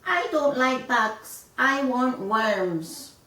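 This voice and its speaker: A woman's voice: sits high, lively intonation, drawn-out words, bright, forceful tone, pitched above the performer's own voice, exaggerated voice. A woman putting on a whiny baby kookaburra chick. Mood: whining. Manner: whining, complaining. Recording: echoey room, voice a bit far off.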